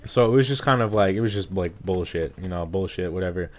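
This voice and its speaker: A young man telling a frustrating story in a rambling, casual way, his voice rough from being sick. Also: deep voice, quick pace. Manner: rambling, heavy use of "like", frustrated. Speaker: gaming vlogger. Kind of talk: casual storytime rant over gameplay.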